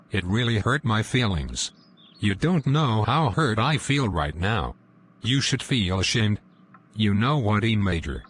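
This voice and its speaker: A man's voice: lowish voice, fairly bright tone, slight background noise. A man voicing a moralizing young male character who lectures his friend and reproaches him. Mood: hurt. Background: music.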